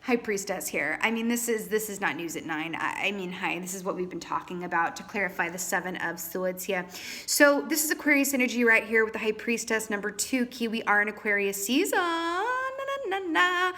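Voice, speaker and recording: A woman's voice: mid-range voice, fairly quick, pushed and bright. A woman reading tarot cards to camera in a chatty, theatrical way, calling viewers honey and darlings. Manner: theatrical, trained stage performer. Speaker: tarot reader.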